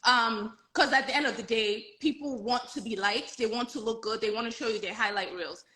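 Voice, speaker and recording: A woman's voice: fairly high pitch, a little fast, pushed and bright, poor audio. A woman hosting a casual live-streamed chat with a friend, bubbly and laughing often. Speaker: host.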